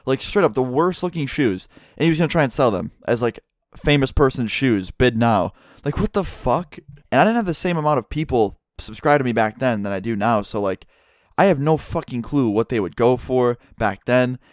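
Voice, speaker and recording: A man's voice: mid-range voice, brisk, no room sound, studio quality. Profane young man telling a story. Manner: profane, animated storytelling with acted quotes. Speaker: YouTuber. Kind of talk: casual storytime vlog.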